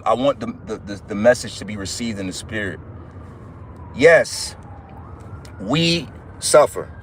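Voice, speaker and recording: A man's voice: fairly high pitch, fairly bright tone, a little hiss or hum. A man preaching fervently on a livestream, repeating himself, swearing and calling his listeners brothers. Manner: fervent, repetitive, profane, addresses listeners as brothers.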